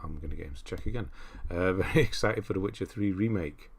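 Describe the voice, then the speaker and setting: A man with a deep, low-pitched voice hosts a casual livestream. He rambles easily, reads viewer comments aloud and answers them as he goes. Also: fast talker, vocal fry, breathy edge. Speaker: livestream host.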